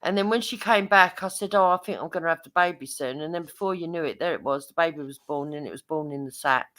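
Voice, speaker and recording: A woman's voice: low-pitched, quick pace. A middle-aged woman, telling brash, swearing stories in casual chat. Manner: swearing, lively storytelling with laughs.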